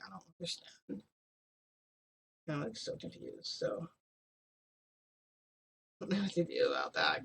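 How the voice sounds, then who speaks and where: A woman's voice: lowish voice, creaky. Rambling young woman telling a story. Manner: rambling, filler-heavy, laughs often. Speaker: vlogger. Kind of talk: casual storytelling to viewers.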